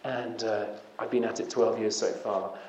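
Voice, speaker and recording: A man's voice: fairly low pitch, flat delivery, moderate pace, a little mellow, muffled recording, slight background noise. Guy preaching at a conference, casual then fired up, roomy echoey hall. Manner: conversational, punchy, rising to emphatic. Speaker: conference speaker. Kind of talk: evangelical seminar talk.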